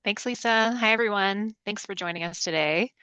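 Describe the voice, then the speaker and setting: A woman's voice: medium pitch, normal speed, pushed and bright, smooth, no room sound, poor audio. A woman moderating a webinar, introducing the guest speaker in a friendly way with light laughs.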